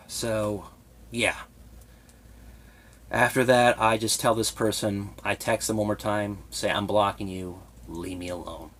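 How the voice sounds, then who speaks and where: A man's voice: lowish voice, steady tone, slow pace, pauses often, fairly bright tone. A young man telling a personal story in a confessional vlog, hesitant and emotionally raw, often restarting his sentences. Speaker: vlogger.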